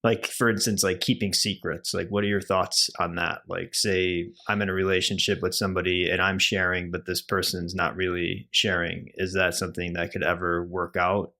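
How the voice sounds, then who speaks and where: A man's voice: deep voice, little pitch movement, normal speed, hardly any pauses, pushed and bright. A man hosting an interview, asking questions in a hesitant way with many fillers. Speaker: interview host. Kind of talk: conversational interviewing.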